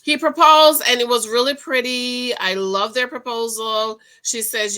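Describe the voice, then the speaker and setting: A woman casually recapping a reality TV episode, chatty and emphatic, talking straight to her viewers and breaking into excited outcries. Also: on the high side, a little slow, hardly any pauses. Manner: bursts into excited loud outcries. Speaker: TV show recap host.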